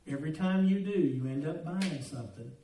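Frustrated husband in a pulpit joke, pleading, as an older preacher plays him, mellow tone, echoey hall. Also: male voice, a little high, brisk, slight background noise, close to an everyday voice. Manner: pleading, incredulous. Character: exasperated budget-minded husband in a joke. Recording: roomy echo, mic at a distance.

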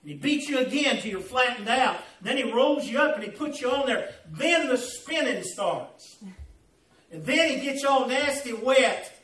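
A male pastor giving an animated, storytelling sermon in a church. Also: very high-pitched, moderate pace, reverberant, distant mic, low-quality recording.

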